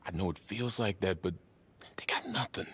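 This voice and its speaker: A very deep, soft-spoken cop. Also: male voice, normal speed, husky, full character voice. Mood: reassuring. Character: soft-spoken, reassuring male detective colleague. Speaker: police detective colleague.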